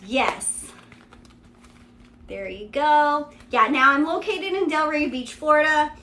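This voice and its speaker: In an echoey room, a woman speaks slowly in a high, pushed, bright voice with a Central Kentucky Southern drawl. A Kentucky native, she hosts a live-stream sale of vintage luxury bags, chatty and cheerful, peppering in "yeah" and "there you go."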